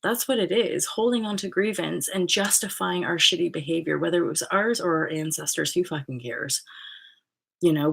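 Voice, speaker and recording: Husky, gravelly-voiced woman vlogging. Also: low-pitched. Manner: rambling, swears freely, many fillers and restarts. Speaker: channel host. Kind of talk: casual spiritual vlog monologue.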